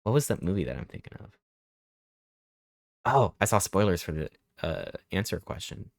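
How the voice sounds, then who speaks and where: A young man in his twenties streaming a trivia game, thinking aloud and reacting in excited bursts. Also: low voice, moderate pace. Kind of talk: live-stream gameplay commentary.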